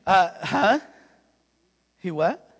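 A man from Yakima preaching a sermon as pastor, animated and conversational, checking in with his listeners. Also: sits high, drawn-out words. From Yakima, Washington. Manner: animated, conversational, keeps asking "right?". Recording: long reverb in a hall.

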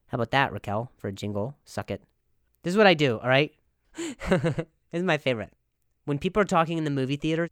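A man hosting a comedy podcast, delivering an animated, mock-serious monologue full of stammers and restarts. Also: mid-range voice, clean tone, dry recording, studio quality. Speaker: podcast host.

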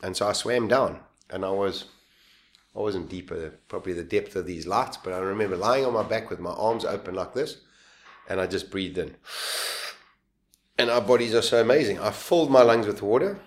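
A man, quietly telling a personal survival story in halting speech that often repeats words. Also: fairly low pitch.

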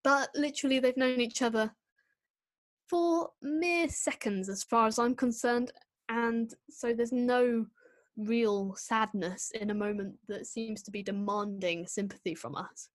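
A woman co-hosting a casual podcast, giving an opinionated, animated critique with quick asides. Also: fairly high pitch, no echo. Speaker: podcast co-host reviewing an episode. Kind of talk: casual chat.

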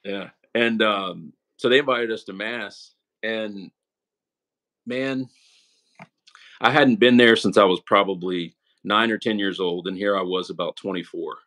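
Fairly low in pitch and fairly bright, this young man's voice moves at a measured pace as he shares his testimony in an interview. He's casual yet earnest, visibly emotional, and often adds "man" and "right?"

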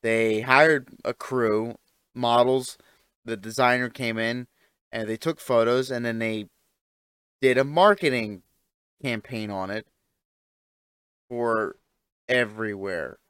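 Guy on a pod, blunt and fired up, crisp voice, dry close mic. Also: mid-range voice, steady tone, takes it slowly, pauses often, a bit bright, no echo. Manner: indignant, blunt. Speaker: podcast co-host. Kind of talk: casual chat.

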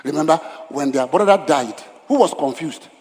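Pastor guy preaching at church, kinda high voice, dramatic, repeats himself for emphasis, big echoey hall. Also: expressive, normal speed, darkish tone. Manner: dramatic, acts out Bible scenes in voices; emphatic repetition. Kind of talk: sermon. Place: church service. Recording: long hall reverb.

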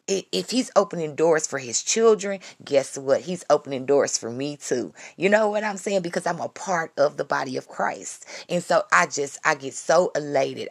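A woman giving a casual devotional talk to her viewers, excited and repeating her phrases as she calls out to them. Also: low voice, vocal fry, husky, dry recording. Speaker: Christian vlogger giving testimony.

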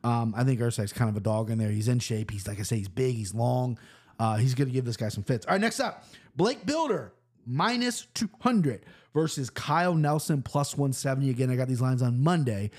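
A man hosting a fight-betting show, talking in a rambling, profane, animated way. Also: mid-range voice, fairly quick. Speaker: host of a fight-picks show. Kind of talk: casual betting chat.

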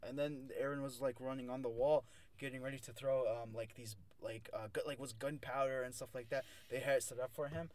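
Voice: medium pitch, steady tone, fairly quick. A speaker chatting casually about an anime episode, joking and using lots of fillers. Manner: chatty, filler-heavy, jokey. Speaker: anime fan discussing an episode. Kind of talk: casual chat.

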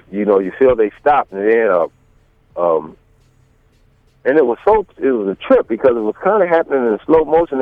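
Over a tinny, phone-like line with a dry sound, a mid-range male guest tells a long story in an interview. He rambles, using lots of fillers and restarts, and acts out the quotes.

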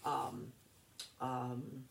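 A woman, a guest in an interview, telling a personal story in a rambling, halting way with many restarts. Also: rumbling low, completely flat delivery, creaky, echoey room, a little hiss or hum.

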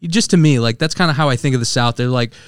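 Man, podcast co-host, rambling profane rants, smooth clear voice, dry close sound, basement studio. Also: mid-range voice, fast, no room sound. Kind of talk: casual podcast banter.

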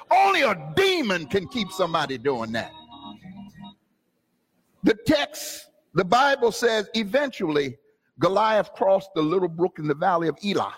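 A male pastor preaching in a church, swinging between easy talk with the congregation and shouted, almost sung phrases. His voice sits high and swoops widely. There is a husky grain to it. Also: big pitch swings, a little slow. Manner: call-and-response, rising to shouts and sung phrases. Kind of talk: preaching a sermon. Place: church sanctuary.

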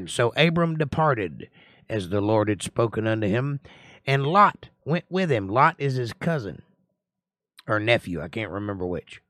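A man's voice: mid-range voice, very animated, a little slow, fairly bright tone, dry recording, studio quality. Folksy man teaching a casual Bible study. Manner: folksy, chatty, greets viewers by name; reads scripture aloud and comments on it.

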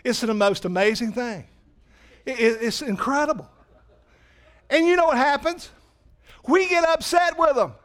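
A man preaching a sermon in a church, animated, swinging from loud emphasis to quiet asides. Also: measured pace, pauses often. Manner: animated preaching, rises loud for emphasis then drops low. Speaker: pastor. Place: church sanctuary.

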